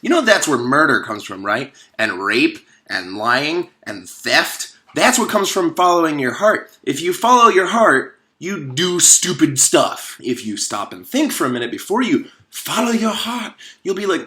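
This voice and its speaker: A man giving a casual, comedic commentary on a movie, animated and sarcastic, rambling with many fillers. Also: on the high side, a little slow, hardly any pauses. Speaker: video host.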